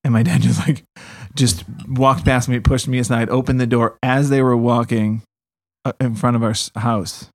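Casting: man, mid pitch, casual storyteller who laughs through his lines, dry close mic. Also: steady tone, moderate pace, no room sound. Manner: laughs often while telling stories.

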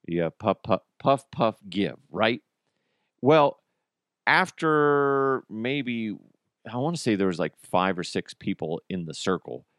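A man hosting a solo podcast, telling stories in a lively way and laughing often. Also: medium pitch, dry recording, clean studio sound. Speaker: podcast host.

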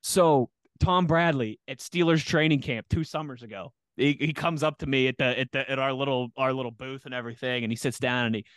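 Lively storytelling man, dry close sound. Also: mid-range voice, brisk, few pauses, no room sound. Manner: animated storyteller who laughs often and acts out quotes. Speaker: podcast co-host and sports radio reporter. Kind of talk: casual storytelling chat.

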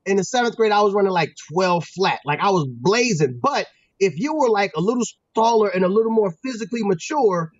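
A man from Pennsylvania, a former football player and guest, telling stories in a casual, animated, slangy way with lots of restarts. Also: sits high, a little fast, no echo, lo-fi sound. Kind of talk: casual storytelling.

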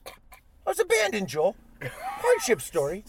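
A man's voice: high-pitched, huge pitch swings, unhurried, creaky, slight background noise, heavily acted. A man voicing a cheeky, evasive male leprechaun who keeps tacking a name onto the end of his lines, recorded in a parked car. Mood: rambling. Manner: ends nearly every line with "Joe", teasing and evasive.

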